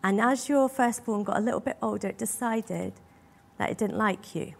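A woman's voice: medium pitch, moderate pace, creaky. A woman preaching a sermon in a church hall, earnest and emotional, asking her listeners many rhetorical questions.

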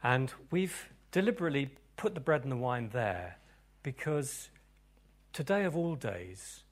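A pastor leading a congregation in a sermon and prayer, dropping to near-whispers and then rising to loud, fervent declarations. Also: male voice, medium pitch, expressive, a little slow.

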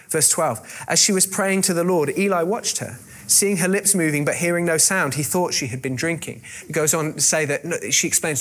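A man's voice: fairly high pitch, brisk, fairly bright tone. A man preaching a sermon, retelling a scripture story with wry joking asides and frequent fillers and restarts.

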